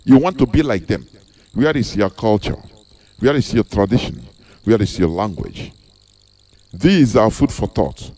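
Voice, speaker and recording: With a warm, expressive voice on the low side, this Nigerian-accented activist speaks at a measured pace and pauses often. His monologue is impassioned and preachy, driven by emphatic, repeated rhetorical questions.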